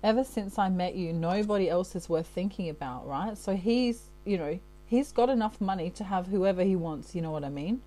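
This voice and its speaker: Woman doing a tarot reading, lowish mellow voice, chatty, keeps saying okay. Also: animated, normal speed, few pauses, rough recording. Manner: laughs at herself easily. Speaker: tarot reader.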